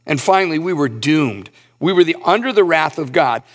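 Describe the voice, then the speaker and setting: Reading scripture at an unhurried pace, this animated man preaches a sermon earnestly. His voice climbs in pitch whenever he reaches an important point.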